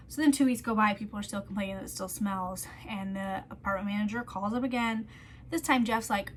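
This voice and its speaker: A woman's voice: mid-range voice, fairly quick. A woman vlogger telling a true-crime story in a chatty way, full of "like", who drops to a whisper on the grim details.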